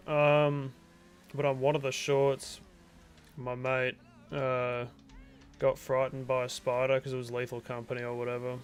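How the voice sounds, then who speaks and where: A man's voice: mid-range voice, slight background noise. A young Australian man with an Australian accent, rambling casually as he comments on his own gameplay on a stream. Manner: rambling, chatty, laid-back, self-talk while playing.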